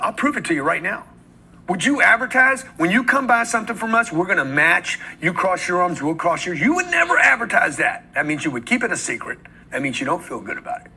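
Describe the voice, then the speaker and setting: A man's voice: a little high, sharp tone, slightly rough, rough recording. A man giving a blunt, emphatic motivational talk on sales, acting out the voices of customers and salespeople as he goes. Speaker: sales trainer.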